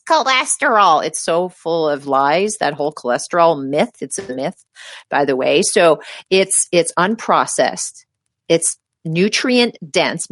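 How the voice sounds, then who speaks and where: A middle-aged woman with a deep voice, recorded in studio quality with no echo, guests in a casual interview as a healthcare provider. Her advice is delivered with animated emphasis, and she acts out quoted patients as she goes.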